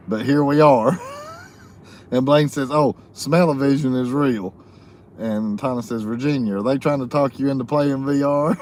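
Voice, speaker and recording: A man's voice: mid-range voice, darkish tone, a little hiss or hum. A man hosting a live stream, reading viewer comments aloud in a folksy way and laughing often. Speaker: livestream host reading chat comments. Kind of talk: casual live chat.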